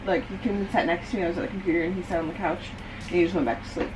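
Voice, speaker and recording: A woman, casually vlogging at home early in the morning, chatty and rambling, with a tired, husky morning voice. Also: lowish voice, fairly even intonation, rapid-fire, background noise. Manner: chatty, rambling, with many fillers. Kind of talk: casual vlog chat. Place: dim home room at a desk, early morning.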